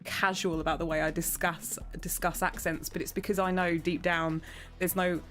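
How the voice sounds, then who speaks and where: A woman's voice: fairly low pitch, flat delivery, moderate pace, a bit bright. Tipsy chatty English woman over game music. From England. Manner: chatty, giggly, a little tipsy. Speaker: streamer. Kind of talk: casual gaming chat.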